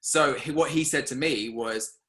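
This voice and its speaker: A man's voice: medium pitch, unhurried, fairly bright tone. A young British man speaking animatedly with many fillers, hosting a casual panel discussion. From Britain.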